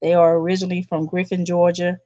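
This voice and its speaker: A woman's voice: lowish voice, flat delivery, fast, mellow, no room sound. A woman podcast host chatting casually to viewers, thankful and loose with fillers. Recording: dull dry home recording.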